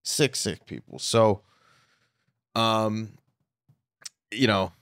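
A man's voice: on the low side, extremely slow, a bit bright, clean tone, no echo, studio quality. A comedian guest on a podcast, a man chatting candidly in long, rambling anecdotes full of fillers. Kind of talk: casual podcast chat.

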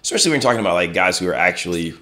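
A man's voice: low voice, animated, very fast, sharp tone. A man who co-hosts a guitar shop chat. He explains things casually and fills his talk with many fillers.

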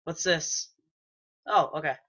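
A gaming YouTuber, young and maybe a teen, speaks slowly in a fairly high, fairly bright voice. His casual let's play commentary drifts and falters, packed with ums and restarts. The audio comes from a dull, lo-fi home mic.

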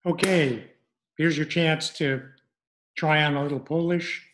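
A middle-aged man presenting an online language lesson, speaking haltingly with many fillers and restarts. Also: a little high, fairly even intonation, fairly bright tone, a little hiss or hum.

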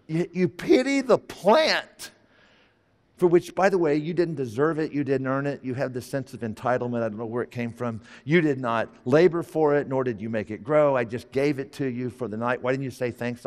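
A man preaching a sermon, animated, sometimes putting on high whiny voices for characters. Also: long reverb tail. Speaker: pastor.

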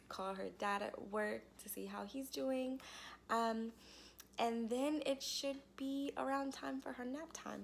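A young woman and mother chatting casually in a home vlog, soft and slow with many fillers. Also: on the high side, vocal fry, a little hiss or hum. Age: young adult. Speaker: vlogger and mother. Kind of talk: casual vlog narration and baby talk. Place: home indoors.

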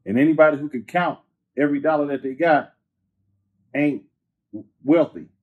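A husky man telling stories in a loose, slangy drawl, often tossing in "you know what I'm saying". He sounds thin and boxy, as if heard over a phone line. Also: on the high side, fairly even intonation, normal speed. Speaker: interview guest, rapper. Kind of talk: casual interview storytelling. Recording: phone-like narrow band.

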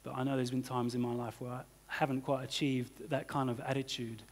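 A man's voice: medium pitch, little pitch movement, a little fast. A man preaching a sermon as pastor, talking in a loose conversational way full of "you know" and "kind of". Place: church hall. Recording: church hall reverb.

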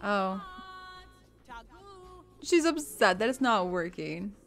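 A woman's voice: medium pitch, sing-song, slow pace, creaky, fairly bright tone. A woman streamer chatting casually over her game, giggling often and greeting viewers by name. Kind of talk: live game stream chat.

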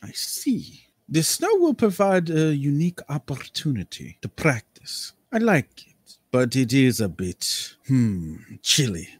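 A man voicing an eccentric, flamboyant male spin master who speaks softly and theatrically, with long lofty pauses. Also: mid-range voice, huge pitch swings, slightly rough, no room sound, voice pushed up, full character voice. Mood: grandiose. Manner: theatrical, soft-spoken, drawn-out pauses, lofty.

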